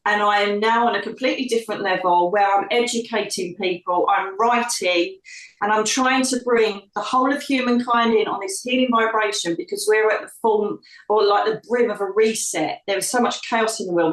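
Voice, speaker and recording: A middle-aged woman from the UK, a psychic medium telling her life story in an interview, lively and acting out the voices of others. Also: medium pitch, fairly quick. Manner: animated storyteller, acts out quoted voices. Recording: echoey room, distant from mic.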